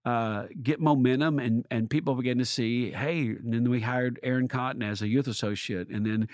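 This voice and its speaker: Animated storytelling pastor, dry close sound. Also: male voice, mid-range voice, normal speed, no room sound. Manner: animated, acts out quoted dialogue with voice shifts. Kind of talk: storytelling in a conversation.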